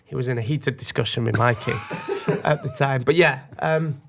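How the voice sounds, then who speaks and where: A man's voice: mid-range voice, normal speed, gravelly, background noise. A man co-hosting a podcast, trading cheeky jokes in casual banter. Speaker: podcast co-host. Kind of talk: casual chat.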